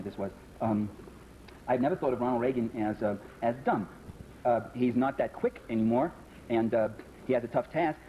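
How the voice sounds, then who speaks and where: A man giving a lecture to an audience in a hall, telling stories in an animated, emphatic way, then taking questions. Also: mid-range voice. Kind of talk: public speech with questions. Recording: dull lo-fi recording with faint hiss.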